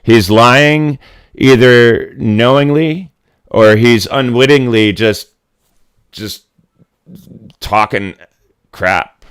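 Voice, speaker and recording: A man's voice: medium pitch, drawn-out words, long pauses, clear, resonant tone, no echo, clean studio sound. A middle-aged man from Connecticut, hosting a casual livestream chat, rambling and swearing bluntly as he rants. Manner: blunt, rambling, profane ranting. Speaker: livestream host.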